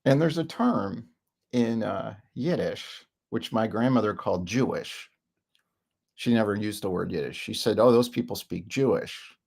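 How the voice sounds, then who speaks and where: A man's voice: lowish voice, a little slow, darkish tone. A middle-aged man giving a rambling self-help talk, full of fillers and frequent chuckles. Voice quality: gravelly, husky.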